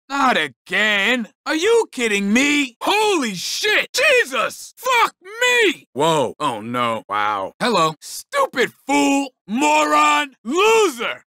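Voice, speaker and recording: A man's voice: very high voice, vocal fry, sharp tone, no room sound, studio quality, exaggerated voice. A man voicing a short-tempered male police officer in a video game, barking insults and orders. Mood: irritated.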